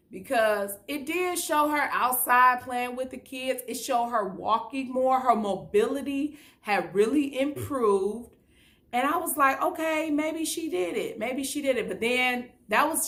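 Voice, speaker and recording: A woman's voice: a little high, a bit bright. A woman giving a casual, chatty recap of a TV episode, often retelling scenes in quoted dialogue. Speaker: YouTube reality-show recapper.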